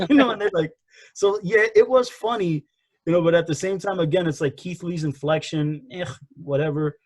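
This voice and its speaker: A male co-host on a casual wrestling review show rambles along at normal speed, repeating himself and using "you know" and "again" a lot. His voice is on the high side and a little mellow, recorded with no room sound.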